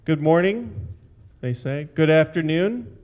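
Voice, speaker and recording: A man with a high voice delivers stand-up one-liners into a handheld mic on a brewery stage. His delivery is dry and awkward, and he keeps undercutting his own jokes with asides. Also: animated, slow pace, a little mellow, highs cut off. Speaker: stand-up comic.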